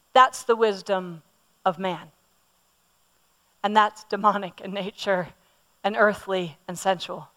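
A woman's voice: medium pitch, a bit bright. A woman preaching a sermon, speaking with emphasis, repeating words and asking her listeners questions. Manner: personal, emphatic, asks the audience questions.

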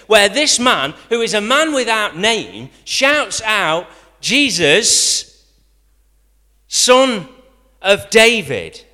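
A preacher with a fairly high, bright voice gives a lively sermon. His pitch swings widely as he climbs into near-shouted quotations and falls back to quiet asides. The sound rings with the long reverb of a large hall. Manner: animated, rising to near-shouts when quoting, dropping to quiet asides.

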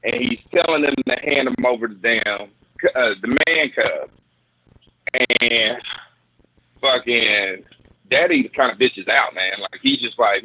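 A man's voice: mid-range voice, unhurried, pushed and bright, slightly rough, no room sound. A man retelling a story in casual, profane slang as a podcast host. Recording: tinny phone-like sound, dry.

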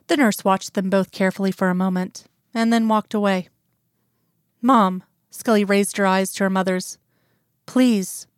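A woman reading fan fiction aloud in a soft, gentle narration, voicing the dialogue quietly. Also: mid-range voice, clean tone, no room sound, clean studio sound. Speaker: reader.

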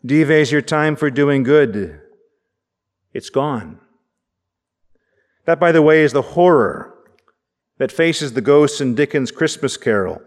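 A man preaching a sermon as pastor, measured and emphatic with dramatic pauses. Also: mid-range voice, lively intonation. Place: church. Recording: long church reverb.

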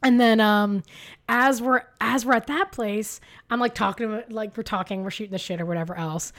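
A woman co-hosting a podcast, telling a story in casual chat, animated and swearing freely with lots of fillers. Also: on the high side, fairly quick. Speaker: podcast co-host.

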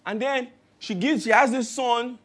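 A man's voice: very high-pitched, a little slow, fairly bright tone. A man, preaching a sermon as pastor and telling stories that act out the voices he quotes. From Nigeria. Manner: storytelling, acts out quoted voices with rising emphasis.

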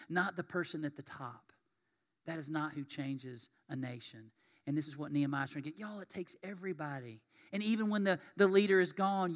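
A man's voice: high voice, a bit bright. Male pastor, folksy conversational sermon, long echoing church reverb. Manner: conversational, folksy, acts out quoted voices.

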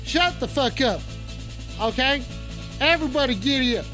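A man's voice: extremely high pitch, lively intonation, normal speed, music in the background. A man hosting a call-in show as a profane, rambling cowboy, hollering and ranting. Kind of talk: rowdy comedic rant.

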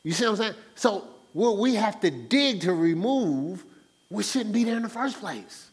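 A male pastor delivers a loose, conversational sermon, his fairly high voice swinging widely in pitch. He stammers through restarts and throws himself into acting out the people he quotes. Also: animated, moderate pace.

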